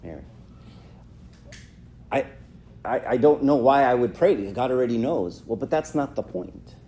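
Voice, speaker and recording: A man's voice: medium pitch, lively intonation, normal speed, warm tone. A middle-aged man giving an informal church talk, chatting with listeners, often asking "right?" and acting out short quotes. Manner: conversational, asks "right?" often, acts out quotes. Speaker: church speaker. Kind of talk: informal talk to a youth audience.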